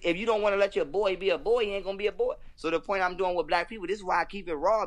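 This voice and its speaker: A young man delivers a heated, profane, emphatic rant in a casual conversation. He talks very quickly in a voice pitched a little high for a man. The whole thing has a preachy, fired-up drive. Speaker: podcast guest.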